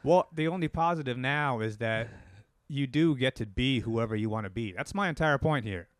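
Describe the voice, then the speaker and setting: A man co-hosting a podcast, arguing his point in an animated, opinionated way and swearing casually. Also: medium pitch, normal speed, dry recording, clean studio sound. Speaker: podcast co-host. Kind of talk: casual chat.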